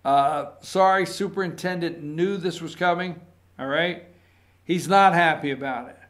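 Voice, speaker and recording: A man's voice: a little high, measured pace, a bit bright. A man hosting a political opinion show, talking in a sarcastic, combative, rambling way with many asides. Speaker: political commentary host.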